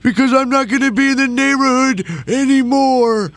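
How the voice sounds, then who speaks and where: A man puts on a frail, apologetic older man with dementia for a prank call. He drags out his words with hesitant ums, and his voice sits unusually high for a man. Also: fairly even intonation, a bit bright. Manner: slow, hesitant, full of ums.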